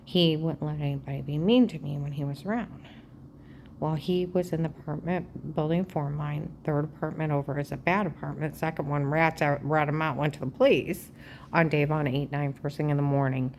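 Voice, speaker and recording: Here the vlogger, a woman, delivers an agitated, wandering monologue straight to camera, skipping from claim to claim and often sinking into a hushed half-whisper. Her voice is low-pitched and steady at a normal speed, with slight background noise.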